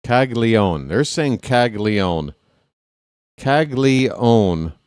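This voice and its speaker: A man calls a ballgame as a fan play-by-play commentator, taking his time between pitches and tossing in dry, wry asides. His voice is smooth and clear, recorded close and dry with no room sound. On big hits he erupts into excited shouting. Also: takes it slowly, no room sound.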